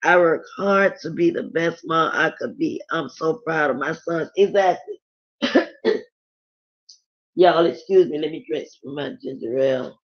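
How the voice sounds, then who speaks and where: A woman's voice: sits low, a little slow, long pauses. A middle-aged woman hosting a casual live stream, chatting candidly and reading viewer comments aloud. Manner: chatty, candid, rambling with restarts. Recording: dull lo-fi sound.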